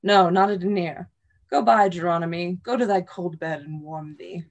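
A woman's voice: lowish voice, normal speed. A woman reading the part of a drunk, boastful male tinker in a Shakespeare play reading, blustering and defiant.

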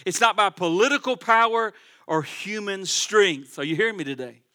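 A fervent male pastor preaches to his congregation in a church sanctuary. His voice sits high and bright, with a bright, ringing tone. He swings from loud, emphatic proclamations to hushed, conversational asides. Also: animated, normal speed, clean tone. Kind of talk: sermon.

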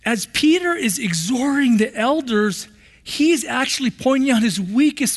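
A man's voice: extremely high pitch, expressive, a little slow. A man pastor preaching a sermon in a church hall, impassioned and prone to repeating phrases. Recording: long hall reverb.

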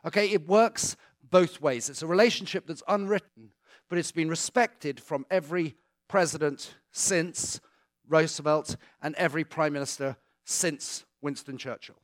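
Chatty British man, crisp dry close sound. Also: on the high side, normal speed, no echo. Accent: British English. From Britain. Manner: chatty and joking, with asides to the audience. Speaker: guest speaker. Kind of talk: church talk with audience questions.

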